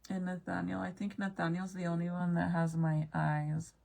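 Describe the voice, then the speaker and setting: A woman's voice: fairly low pitch, little pitch movement, normal speed, gravelly, darkish tone. A young woman chatting casually with viewers as she looks back through old family photos, swearing now and then. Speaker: mom vlogger.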